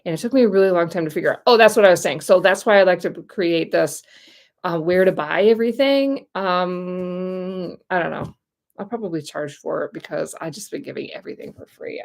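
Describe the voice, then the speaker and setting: A woman's voice: fairly low pitch, gravelly. An American woman in her forties chatting casually to camera, bubbly and rambling with lots of fillers. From United States. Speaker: vlogger and relocation consultant.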